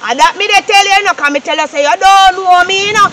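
A woman's voice: very high voice, fast, heavy background noise. A woman playing a sulky, whiny Jamaican girl. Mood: grumbling. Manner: whiny complaining rant in patois. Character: lazy, sulky young woman ranting.

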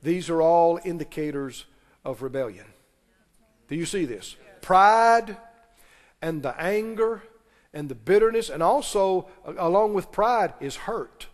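A man preaching. His voice sits high for a man. The long reverb of a large church hall carries every phrase as he calls for answers from the pews. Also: animated. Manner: preaching with call-and-response, quick asides and laughs. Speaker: pastor. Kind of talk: sermon. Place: church sanctuary.

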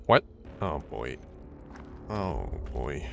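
A man giving casual let's-play commentary on a horror game, with a deep voice, swearing often and talking to himself as he plays. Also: very animated, extremely slow, creaky, slight background noise. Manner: swearing, jumpy, talks to himself. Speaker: gaming YouTuber.

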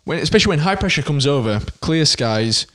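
A man co-hosting a podcast, chatting casually and chiming in with quick quips. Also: on the high side, animated, fairly bright tone. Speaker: podcast co-host. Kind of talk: casual chat.

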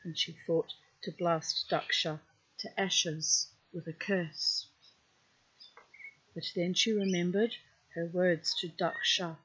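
A woman storyteller reads a myth aloud outdoors in a calm, unhurried voice, with an easygoing, chatty manner. Her tone is husky and her pitch sits low, and she reads at a very slow pace. The recording sounds dull and lo-fi. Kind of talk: reading a myth aloud with casual asides.

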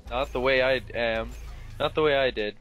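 A man's voice: mid-range voice, fairly even intonation, moderate pace, fairly bright tone. A Canadian man chats through a co-op game as the host. His talk is light and mocking, and he breaks into laughter easily. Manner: teasing, laughs often. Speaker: let's play host. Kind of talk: casual gameplay commentary.

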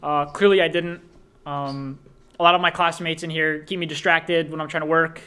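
A teenage high school student being interviewed in class, with a hesitant way of talking full of fillers. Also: male voice, flat delivery, moderate pace, pushed and bright, clean tone. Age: late teens. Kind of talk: casual interview.

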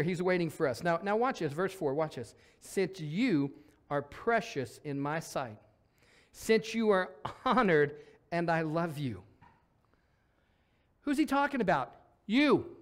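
A man preaching a lively sermon as pastor in a church, acting out voices as he goes. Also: sits high. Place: church sanctuary.

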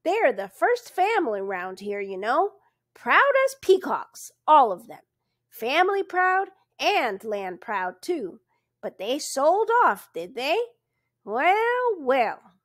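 A woman's voice: high voice, very animated, slow pace, fairly bright tone, no echo, clean studio sound, voice pushed up, exaggerated voice. A woman voicing a chatty, suspicious rural male constable with a folksy drawl. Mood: folksy grumbling.

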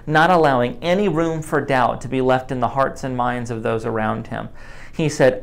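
Gravelly earnest male preacher. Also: medium pitch, moderate pace. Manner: earnest storytelling with repeated stumbling restarts. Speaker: pastor. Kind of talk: sermon.

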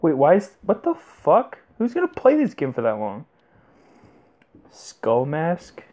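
Slow and warm, this young man's fairly high voice swings hugely in pitch. As a gameplay commentator on a mobile game, he delivers casual let's-play commentary laced with swearing and incredulous laughter.

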